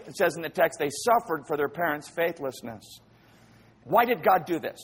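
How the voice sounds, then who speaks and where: Man, pastor, sermon, high husky voice, animated, acts out voices. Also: moderate pace.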